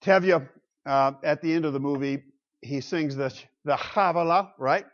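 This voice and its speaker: A man giving a classroom lecture on the Psalms, emphatic and animated, with rhetorical questions and chuckles. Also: on the high side, normal speed, dull audio. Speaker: Bible lecturer.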